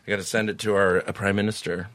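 A man's voice: on the low side, little pitch movement, fast talker, fairly bright tone. A man from Canada, a comedian guest in a casual podcast chat, telling goofy punning jokes in a dry way.

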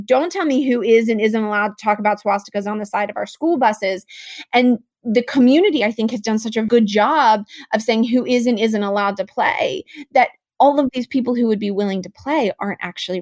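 A young woman from the United States, a guest speaking in an animated, outspoken way, with many "like"s in casual conversation. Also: on the high side, brisk, no echo.

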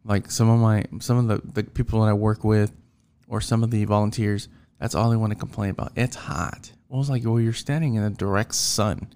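Venting about the people he works with, a driver rants in a rambling, frustrated way, stumbling through fillers and restarts. His voice is lowish, gravelly, and dark, with fairly even intonation and a slightly fast delivery.

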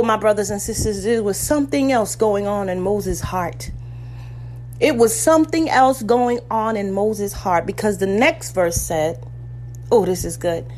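A woman's voice: a little high, expressive, a little slow. A woman preaching a sermon, fervent and personal, acting out biblical voices as she retells scripture.

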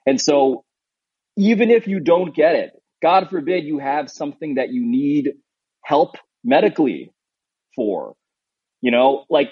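A husky-voiced man in his thirties from New York talks in a loose, rambling, earnest way, full of "like" and restarts. He sounds short on sleep. The sound is dry and slightly muffled, as if it comes over a remote line. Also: a little high, a little mellow, no room sound. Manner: rambling, earnest, many fillers. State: sleep-deprived new father. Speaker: podcast co-host. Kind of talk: casual remote chat.

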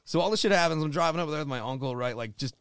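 A man's voice: on the high side, expressive, rapid-fire, smooth, no room sound, clean studio sound. A young man from Florida, telling a rambling, profane story in casual chat, full of "like" and swearing. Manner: rambling, heavy filler "like", swears a lot.

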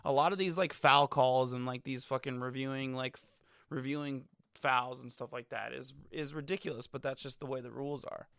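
A man's voice: mid-range voice, fairly even intonation, fairly quick, creaky, fairly bright tone, smooth, no room sound. Young male sports podcast co-host, blunt and profane, recorded dry. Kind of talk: casual sports chat.

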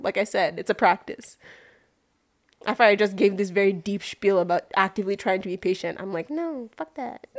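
A woman's voice: mid-range voice, creaky. A woman from Nigeria co-hosting a podcast, talking earnestly and frankly in a casual chat. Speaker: podcast co-host.

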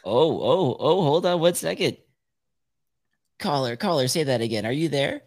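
A man's voice: fairly high pitch, expressive, moderate pace, darkish tone. A man hosting a podcast in casual chat, upbeat and chatty, laughing often. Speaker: podcast host.

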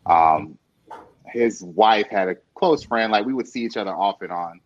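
A man in casual chat, telling an animated story full of quoted dialogue and laughter. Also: lowish voice, moderate pace, muffled recording.

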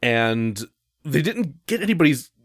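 A man's voice: a little high, very animated, measured pace, fairly bright tone. A man co-hosting a casual podcast chat, rambling with lots of fillers and restarts and laughing often. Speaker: podcast co-host.

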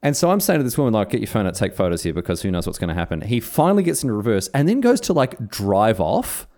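Podcast co-host, man, quick delivery, swinging pitch, jokey storyteller. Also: very animated, darkish tone. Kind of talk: casual chat.

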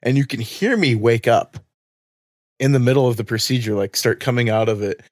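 Casting: male podcast co-host, animated storyteller, dry close sound. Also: medium pitch, a little fast, dry recording. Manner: animated storyteller, acts out voices, laughs often. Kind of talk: casual chat, storytelling.

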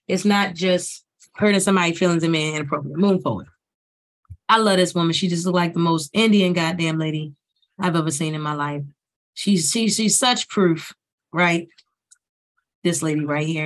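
Blunt, profane woman reviewing a reality show. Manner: blunt, profane, rising loud and high when ranting. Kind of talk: profane casual commentary.

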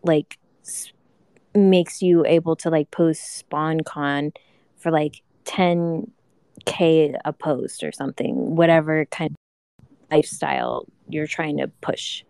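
A woman's voice: sits low, fairly even intonation, slow, a little mellow, clear, resonant tone, no echo, clean studio sound. A young woman giving a live reaction to a reality show, ranting casually with swearing and lots of fillers. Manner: ranting, profane, many fillers.

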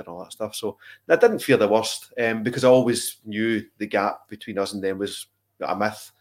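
Man, podcast co-host, football chat, lowish voice, thoughtful. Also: brisk.

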